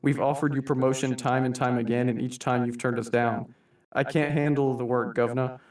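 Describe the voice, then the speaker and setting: A man's voice: medium pitch, little pitch movement, a little fast, a little mellow, natural voice. A man voicing a theatrical masked anarchist who reads a formal, mock-polite monologue addressing humanity as his staff, recorded in a roomy room from a distant mic. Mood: scolding.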